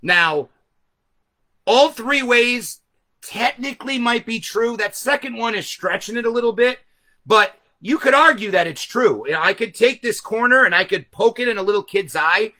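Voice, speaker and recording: A man hosting a live stream, explaining his point loudly and emphatically to viewers from a camera set some way back. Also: high-pitched, lively intonation, normal speed. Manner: speaks loudly. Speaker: host. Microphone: camera set back from him.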